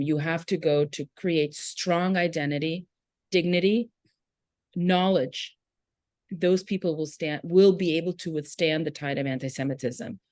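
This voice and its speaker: A woman educator guesting on a podcast speaks in a low voice, reflective and passionate. She pauses with fillers as she builds her thoughts. The recording is dry and close. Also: a little mellow, no room sound. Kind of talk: conversational interview.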